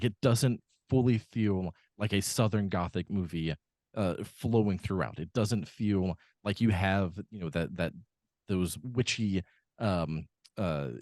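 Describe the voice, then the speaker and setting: A man's voice: fairly low pitch, darkish tone, dry recording, clean studio sound. Rambling male podcast co-host. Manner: rambling, many fillers and restarts. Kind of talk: casual film discussion.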